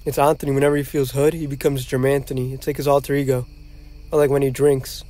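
A man's voice: mid-range voice, little pitch movement, fast talker, mellow. Slangy young man joking around. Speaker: podcast co-host. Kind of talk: casual chat.

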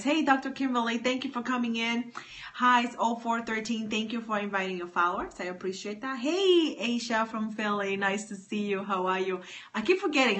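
A woman's voice: on the high side, a bit bright. Bubbly woman welcoming livestream viewers. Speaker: livestream host. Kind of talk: casual livestream greeting viewers. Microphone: phone or webcam.

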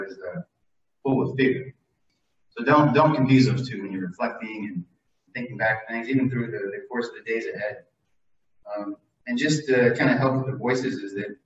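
Rambling man talking in a roomy echo. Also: mid-range voice. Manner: rambling and conversational, many fillers and restarts. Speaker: lay speaker leading communion. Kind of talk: informal devotional talk. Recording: distant, muffled mic in an echoey room.

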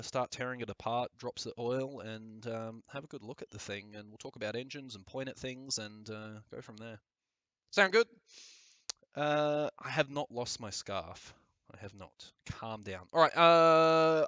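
A man's voice: mid-range voice, a bit bright, no echo, muffled recording. A man with an Australian accent chatting on a live stream, rambling with lots of fillers and casual swearing. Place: aircraft hangar in winter.

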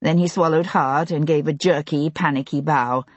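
A woman narrating an audiobook in a measured, expressive way. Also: sits low, dry recording. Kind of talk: scripted narration of a historical mystery.

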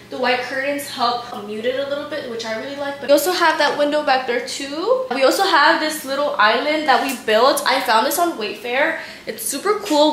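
A woman's voice: high voice, sharp tone, distant mic, a little hiss or hum. A young woman chatting casually to camera as she gives a tour of her home, gushing and saying "like" a lot. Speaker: vlogger giving a house tour. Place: living room of a home, indoors. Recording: echoey room, voice off-mic.

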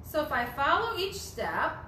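A woman's voice: high-pitched, very animated, unhurried, noisy background. A woman teaching a Bible study, emphatic and repetitive, asking rhetorical questions. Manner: emphatic, repeats phrases, asks rhetorical questions. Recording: echoey room.

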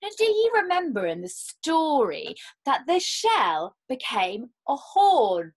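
A woman storyteller leading children through playful movement games, with animated exclamations and gasps. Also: high voice, takes it slowly.

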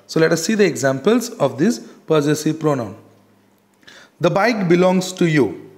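A man's voice: on the high side, big pitch swings. A man teaching a grammar lesson, stressing example words and checking in with "correct?" again and again. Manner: repeats "correct?" and "got it?" often, stresses example words slowly.

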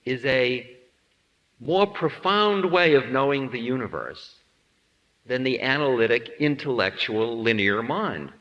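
A man giving a humorous spiritual talk as a teacher, playful and quick to act out little scenes. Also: mid-range voice, lively intonation, pushed and bright, muffled recording. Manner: playful, acts out voices in anecdotes. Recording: long hall reverb.

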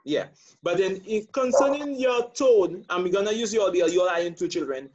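A man's voice: high voice, lively intonation, normal speed, dull audio, very noisy. A man leading a church training course over a call, asking questions and affirming answers with frequent murmurs.

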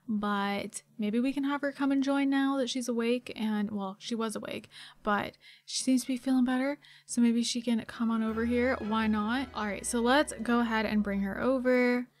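A young woman giving casual, excitable commentary while playing a life-sim game, chatty and quick to gasp and giggle. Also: a little high. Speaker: gaming channel host.

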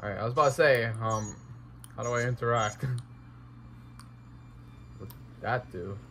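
A man's voice: medium pitch, normal speed, gravelly, fairly bright tone, a little hiss or hum, poor audio. A young man commentating a horror game let's play, talking to himself and exclaiming at scares. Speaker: gaming YouTuber.

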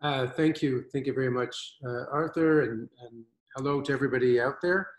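A man's voice: medium pitch, moderate pace. Upbeat man presenting in an echoey room. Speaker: fund managing partner presenting. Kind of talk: business presentation on a video call. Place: his own winery.

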